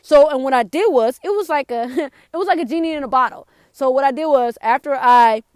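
A young adult woman hosting a podcast, giving a blunt, profane motivational talk in an animated way. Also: high-pitched, fairly quick, dry recording, clean studio sound. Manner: blunt, profane, animated, with mocking put-on whines. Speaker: podcast host.

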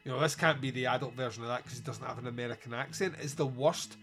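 A man hosting a podcast, chatting casually as he reviews a film, animated and sweary as he mocks its dialogue. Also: medium pitch, fast, vocal fry, faint music behind. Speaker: podcast host.

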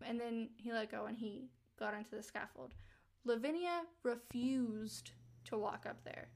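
A woman with a slightly high voice retells a true-crime story in a relaxed, chatty podcast style. She drifts between narration and quick acted-out quotes, with asides to her co-host. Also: gravelly. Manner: chatty, acts out quotes with rising pitch.

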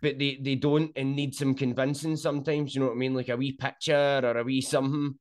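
A young Scottish man with a Scottish accent, chatting as an interview guest, talking slowly and clearly and laughing easily. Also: medium pitch, level tone. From Scotland. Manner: chatty and quick to laugh, slowed down and enunciated for listeners. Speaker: guest, sumo wrestler. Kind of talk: casual interview chat.

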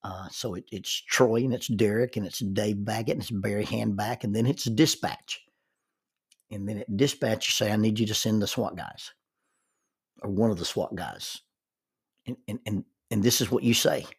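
An older man, a grandfather, telling a reflective story with halting starts and repeated words. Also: on the low side, gravelly, slightly rough. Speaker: grandfather telling life-lesson stories.

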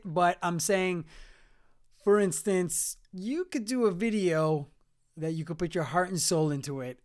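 Smooth-voiced, rambling solo podcast dad. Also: male voice, a little high. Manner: rambling, self-mocking, jokey asides. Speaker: podcast host. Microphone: studio mic.

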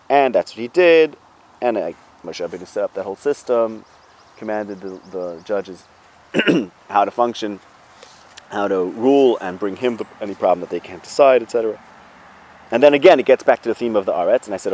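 A man's voice: fairly low pitch, animated, a little fast, darkish tone. A man giving an informal Torah lesson, talking things through conversationally with rhetorical questions and restarts. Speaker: Torah teacher.

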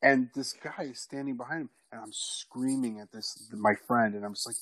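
A man telling a personal story in a casual, animated way, swearing freely. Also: medium pitch, normal speed, few pauses, no echo, low-quality recording. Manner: animated, profane, acts out quoted people loudly.

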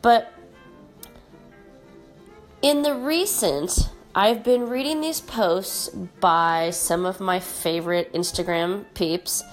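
A woman hosting her own podcast in casual solo talk, her voice nasal and congested from allergies, speaking candidly and emphatically with mild swearing. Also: mid-range voice. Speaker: podcast host.

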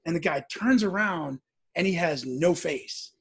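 A man from the American Midwest recounts a personal story in an easy, conversational way. His voice sits high for a man and has a husky edge. He livens the telling by acting out the people in it. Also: expressive, measured pace, fairly bright tone. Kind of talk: casual spoken storytelling.

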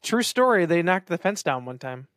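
A man's voice: on the high side, sing-song, moderate pace, a bit bright, no echo, clean studio sound. Rambling man, casual podcast co-host. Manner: rambling storytelling with many "like"s. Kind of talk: casual chat. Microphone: dynamic podcast microphone.

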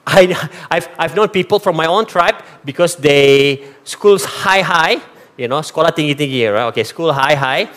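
In his sermon, a preacher from Sarawak in East Malaysia talks straight to the congregation with a slightly high voice at a moderate pace. His Malaysian accent is clear, his manner animated, and he mixes in Malay phrases.

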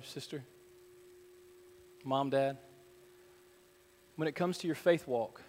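A man's voice: high-pitched, fairly bright tone, in a large hall. A man preaching as a pastor, earnest and rising into fervent prayer, in a church sanctuary. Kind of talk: sermon.

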